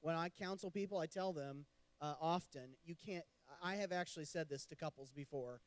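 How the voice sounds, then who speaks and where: A man who counsels couples adds his points to a church marriage class, telling animated stories with mock exasperation. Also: a little high, moderate pace, dry recording.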